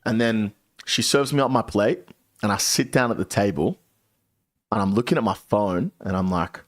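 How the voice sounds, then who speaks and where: A young man streamer telling a story in a casual way, animated and swearing a lot. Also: lowish voice, moderate pace, no echo, studio quality.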